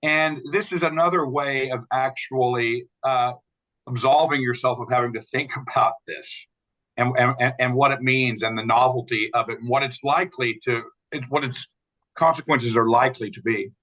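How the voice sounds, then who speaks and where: A man's voice: mid-range voice, fairly even intonation, moderate pace, bright, forceful tone, rough recording. A man speaking as a podcast guest on a video call, making his point emphatically and wryly, with stammered restarts. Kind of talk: casual discussion on a video call.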